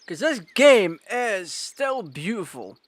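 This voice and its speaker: A man's voice: sits high, very animated, takes it slowly, fairly bright tone. A Scottish man giving casual, sarcastic, profane let's-play commentary on a retro game. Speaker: gaming YouTuber.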